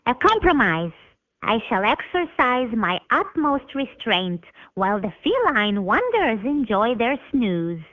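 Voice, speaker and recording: A woman's voice: fairly high pitch, no echo, narrow, tinny audio. Dolly, a pompous talking dachshund voiced by an AI woman's voice. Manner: flowery, mock-formal wording. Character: talking female dachshund, chatty and grandiose. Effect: synthetic AI voice.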